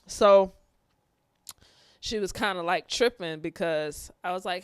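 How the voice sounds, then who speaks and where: A man speaking haltingly, fighting back tears as he talks about his grief. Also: high-pitched, clear, resonant tone, dry recording, clean studio sound. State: tearful. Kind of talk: personal testimony on grief.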